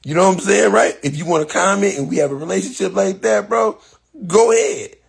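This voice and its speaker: A man's voice: sits high, brisk, gravelly, husky. A man ranting bluntly and profanely to his viewers in casual talk, repeating "you know what I'm saying" and breaking into laughter often. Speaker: social media personality.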